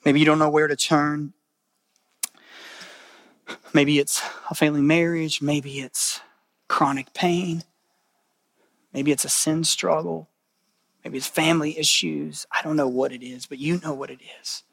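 A man preaching a sermon as a pastor. He talks in an earnest, conversational way, repeats phrases for weight, and moves between loud emphatic bursts and quiet, hushed lines. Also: on the high side, steady tone, a little slow, vocal fry, pauses often, no room sound, clean studio sound.

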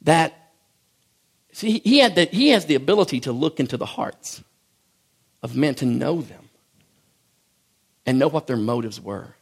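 A middle-aged man preaching in a relaxed, chatty way, as if talking with his congregation. His voice sits a little high and carries a gravelly edge. He climbs to loud emphatic peaks and drops to near-hushed asides. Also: unhurried, long pauses. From rural farm background. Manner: conversational, folksy preaching with swings from loud to hushed. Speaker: pastor. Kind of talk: sermon.

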